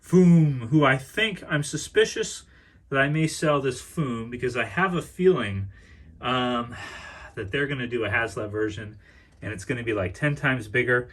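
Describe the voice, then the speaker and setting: A man's voice: mid-range voice, normal speed, a bit bright. A man chatting casually as he shows off his toy collection, rambling and restarting phrases and calling his viewers "dudes". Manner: repeats and restarts phrases often. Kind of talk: casual collection tour vlog.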